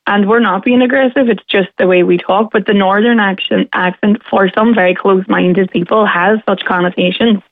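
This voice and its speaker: A woman's voice: mid-range voice, steady tone, normal speed, hardly any pauses, no echo. Northern Irish woman, caller, earnest and forthright, phone-line sound. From Derry, Northern Ireland. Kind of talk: radio phone-in chat.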